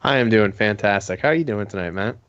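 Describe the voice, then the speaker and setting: A man's voice: fairly low pitch, fast, a bit bright, no echo, muffled recording. A man co-hosting a casual sports podcast, rambling through his analysis with many fillers. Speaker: podcast co-host.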